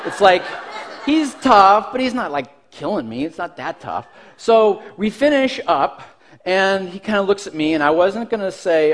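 A man preaching a sermon, telling a personal story in an animated, self-mocking way and often laughing as he tells it. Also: high-pitched, moderate pace. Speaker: pastor.

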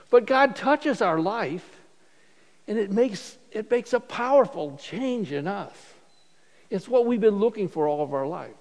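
A man with a high voice preaches a sermon to his congregation, conversational and prone to restarting his sentences. His words ring out with a long reverb from the church hall around him. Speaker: pastor. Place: church sanctuary.

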